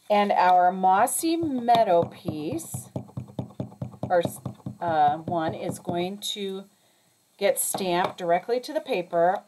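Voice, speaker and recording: A woman's voice: lowish voice, dark tone, a little hiss or hum. A woman teaching a craft lesson step by step, chatty, often checking in with "okay?" and correcting herself as she goes. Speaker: crafting instructor.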